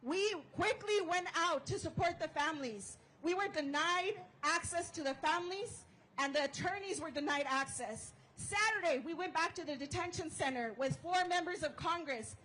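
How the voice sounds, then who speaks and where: A woman union organizer giving an impassioned rally speech outdoors, shouting call-and-response chants to the crowd. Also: extremely high pitch, moderate pace, a little hiss or hum, rough recording.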